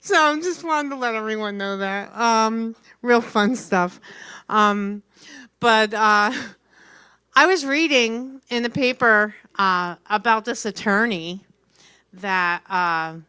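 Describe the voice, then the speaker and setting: A woman's voice: medium pitch, takes it slowly, sharp tone, clean tone, no echo. A woman from New Jersey doing a blunt, brash stand-up comedy set at an open mic. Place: small venue open mic.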